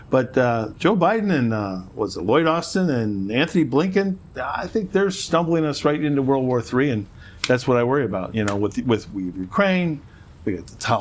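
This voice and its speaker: A man's voice: mid-range voice, a little hiss or hum. A middle-aged man co-hosting a talk show, chatting casually and rambling with many restarts. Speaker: podcast co-host. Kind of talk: casual political chat.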